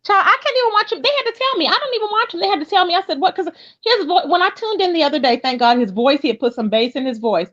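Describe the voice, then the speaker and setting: A woman hosting a livestream in brash, profane gossip chat, her voice jumping up high when outraged. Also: animated, fast talker, few pauses, fairly bright tone, dull audio. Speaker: livestream host.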